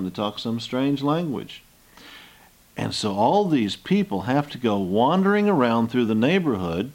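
An older man preaching from the Bible in an easygoing, folksy manner. His voice sits at an ordinary middle pitch as he reads scripture and then spins it into homely scenes. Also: a little mellow. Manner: folksy storytelling, acts out scenes with rising voice. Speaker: Bible teacher. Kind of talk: sermon with Bible reading.

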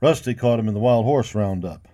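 A man doing a loud, hearty ranch boss. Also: fairly low pitch, brisk, natural voice. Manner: hearty, commanding. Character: loud, good-humored male ranch boss.

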